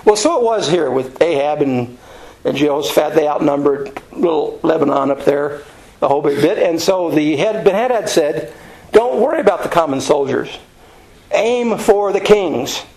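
A man with a fairly high voice leads a casual Bible study. He tells the story in a rambling, folksy way, full of ums and restarts. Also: expressive, normal speed, creaky, darkish tone, low-quality recording. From United States. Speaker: Bible teacher.

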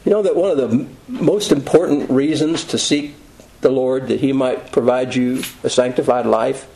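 A man preaching a sermon in a conversational, folksy way, telling stories with quick asides. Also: medium pitch, creaky, warm tone, low-quality recording.

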